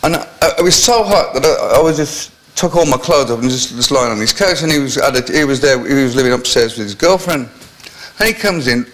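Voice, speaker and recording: A man's voice: mid-range voice, lively intonation, a little fast, a bit bright, rough recording. A man telling rambling, self-mocking anecdotes as a guest on a chat show, with many restarts.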